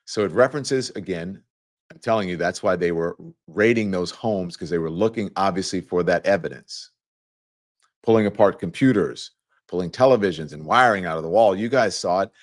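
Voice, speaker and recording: A man hosting a talk show, reading a document aloud and adding playful, chatty asides to his viewers. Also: low voice. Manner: playful, quick to crack jokes. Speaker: show host. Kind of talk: live news commentary talk show.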